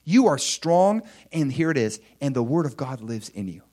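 A man preaching a sermon, telling his own testimony in an animated way, dropping to hushed asides and rising to excited shouts. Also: medium pitch, fairly quick.

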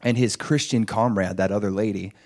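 A man preaching, telling a story in an animated way, chuckling and acting out what people said. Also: fairly low pitch, brisk. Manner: animated, chuckling storyteller who acts out quotes. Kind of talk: sermon storytelling.

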